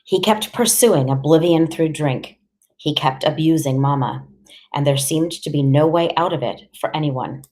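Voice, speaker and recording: Low-voiced woman reading an audiobook. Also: moderate pace, a little mellow. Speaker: audiobook reader. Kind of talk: scripted narration.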